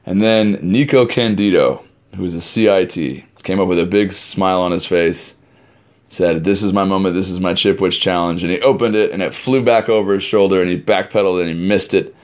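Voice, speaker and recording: A middle-aged man, a camp director, telling stories for an informal podcast in an animated way. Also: low-pitched, normal speed. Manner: animated storyteller, acting out crowd shouts.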